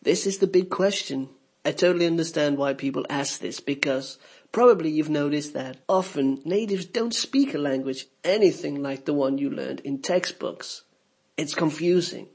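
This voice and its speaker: Man, English tutor voice-over, slightly higher pitch, gravelly and a bit husky, clear explanatory read. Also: moderate pace. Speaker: English teacher. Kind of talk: scripted lesson narration.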